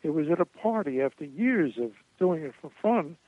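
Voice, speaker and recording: With a fairly high pitch, lively intonation and a moderate pace, an older man rambles through anecdotes as an interview guest, chuckling here and there. The sound comes through a dry, tinny, phone-like line.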